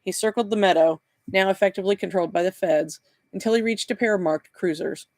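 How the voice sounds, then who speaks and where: A man, the author, reading his novel aloud in a live session with steady, plain narration. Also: high-pitched, fast talker, dry recording.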